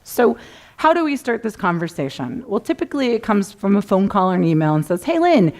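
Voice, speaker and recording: Middle-aged woman, conference speaker, mid-range pitch, very lively intonation. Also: fairly quick. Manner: animated, acts out clients' panicked voices. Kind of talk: conference talk. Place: conference room.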